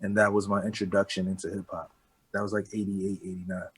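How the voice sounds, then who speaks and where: A man in his thirties with a New York accent, talking casually and rambling a little in a relaxed interview, dropping street slang. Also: deep voice, quick pace, breathy edge, rough recording. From the Bronx, New York. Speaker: rapper, interview guest.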